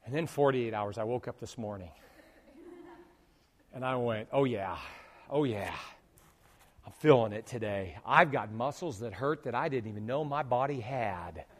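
A man preaching as pastor, telling a lively story to his congregation with groans acted out. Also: medium pitch, normal speed. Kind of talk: sermon. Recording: long hall reverb.

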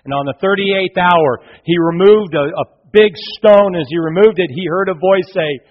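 A male pastor preaching a sermon, telling a story with passion and big swings from loud to quiet. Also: high voice, normal speed. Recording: long hall reverb, dull lo-fi sound.

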